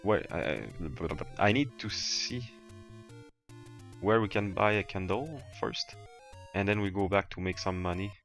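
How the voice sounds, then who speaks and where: A French-speaking man from Quebec with a Québécois French accent, chatting loosely while he plays a game live, with halting starts, fillers and restarts. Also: sits low, animated, fairly bright tone. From Quebec, Canada. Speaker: streamer. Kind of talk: casual gaming livestream chat. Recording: faint game music underneath.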